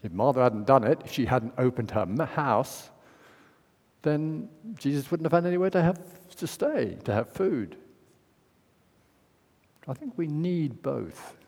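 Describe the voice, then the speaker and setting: A man's voice: mid-range voice, lively intonation, unhurried, pauses often, darkish tone. A man giving a conversational sermon, asking questions and acting out the story. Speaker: preacher. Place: church. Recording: long church reverb.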